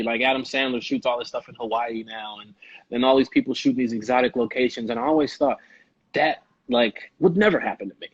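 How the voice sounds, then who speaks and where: A young man from Chicago, a guest actor telling stories in a casual, animated way and laughing often. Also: mid-range voice, fairly quick, slightly rough, no echo, lo-fi sound. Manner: animated, laughing storyteller who slips into quoted voices. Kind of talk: casual storytelling.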